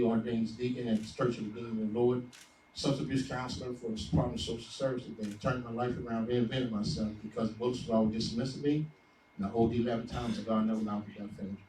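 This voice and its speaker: Fervent deacon in an echoey hall. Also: male voice, mid-range voice, level tone, quick pace. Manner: fervent, builds to loud proclaiming. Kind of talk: testimony with preaching cadence. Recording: echoey hall, distant mic, faint room noise.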